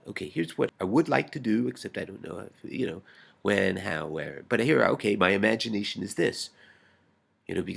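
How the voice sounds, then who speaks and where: In a personal video message, a man with a deeply gravelly, husky voice full of vocal fry, yet a fairly bright tone, rambles intensely. He keeps halting and restarting, swears, and often drops to a whisper.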